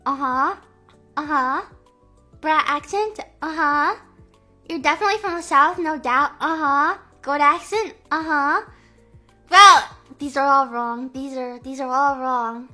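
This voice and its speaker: A young woman streaming live with a high, bright voice full of likes and ums. She jokes and giggles her way through casual chat. Soft music plays faintly underneath. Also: a little slow. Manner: playful, giggly, valley-girl fillers.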